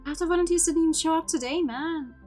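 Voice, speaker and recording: A woman's voice: very high-pitched, quick pace, dark tone, faint music behind, pitched above the performer's own voice. A woman reading game dialogue aloud as a panicked young woman running a failing convention, pleading and frantic.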